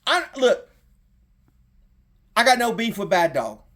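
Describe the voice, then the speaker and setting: A man's voice: extremely high pitch, very animated, takes it slowly, a bit bright. A middle-aged man with a Southern accent delivering a heated, profane sports rant as a fan content creator.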